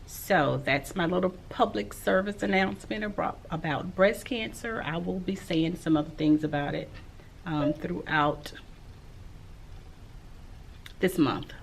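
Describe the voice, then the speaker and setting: A middle-aged woman, an elementary school teacher, talking casually to camera in a slow, soft-spoken, reflective way with frequent pauses. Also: on the low side, vocal fry, a little hiss or hum. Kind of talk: casual vlog talk to camera.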